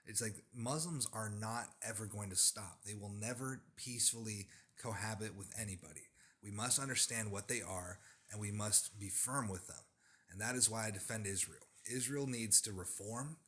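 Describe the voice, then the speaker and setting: A man's voice: fairly low pitch, moderate pace, fairly bright tone. A man delivering an emphatic religious monologue, insistent and lecturing, repeating his points for emphasis. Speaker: religious commentator.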